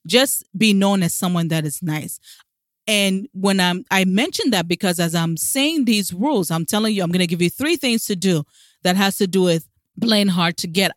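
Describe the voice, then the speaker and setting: A woman's voice: mid-range voice, moderate pace, no room sound, clean studio sound. A woman coaching her listeners with emphatic advice, asking rhetorical questions and speaking with a smile in her voice. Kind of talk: direct-to-camera advice talk.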